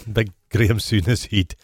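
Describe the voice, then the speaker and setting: A man's voice: fairly low pitch, fairly even intonation, takes it slowly, breathy edge, dry recording, studio quality. A Scottish man co-hosting a casual film review podcast, joking and swearing as he talks. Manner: jokey, swears freely, acts out quotes. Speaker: podcast co-host.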